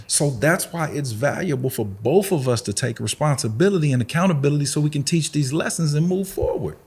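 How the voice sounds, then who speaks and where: A man's voice: a little high, expressive, fairly quick, darkish tone, slightly rough. A man co-hosting a podcast, making emphatic, preachy points in casual chat. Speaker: podcast co-host.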